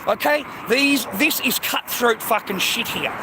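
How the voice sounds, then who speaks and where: Aussie vlogger, middle-aged man, high pitch, aggressive repetitive profane rant, noisy street recording with vehicles. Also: unhurried, few pauses. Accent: Australian. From Australia. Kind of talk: profane ranting monologue.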